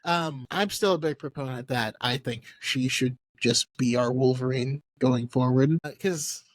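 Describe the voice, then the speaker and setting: A man talking as a guest in a casual geeky chat, relaxed, laughing often and talking in quick bursts. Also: medium pitch, dry recording. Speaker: podcast guest.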